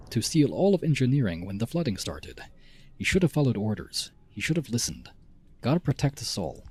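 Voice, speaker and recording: A man's voice: mid-range voice, darkish tone, natural voice. A man putting on a Russian accent to voice a fervent, preaching ship captain reading his logs. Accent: put-on Russian. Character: ranting zealous male ship captain.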